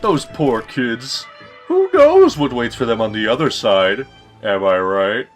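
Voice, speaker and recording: A man voicing a sneering male villain in a game, taunting with a mocking, drawn-out, theatrical delivery. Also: mid-range voice, very animated, faint music behind. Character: sneering, sing-song male villain taunting a night guard.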